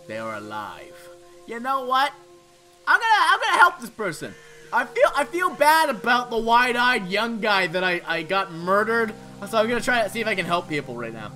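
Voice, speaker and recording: This man streams himself playing a horror game, voicing its text and chiming in between sections with plenty of swearing. Loud, annoyed tirades break out along the way. His pitch is fairly high.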